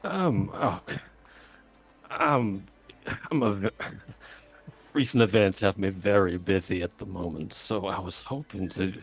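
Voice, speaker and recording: Husky low-voiced man playing his character. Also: a little slow, pauses often. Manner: hesitant, with soft laughs and ums. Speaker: player. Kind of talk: in-character role-play.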